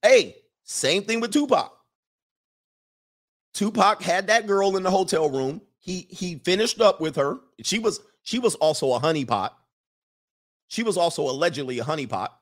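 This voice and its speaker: A man hosting a live stream, giving a casual commentary monologue in an animated, preachy way and repeating his lines for emphasis. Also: high-pitched, normal speed. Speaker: live-stream host reading viewer comments.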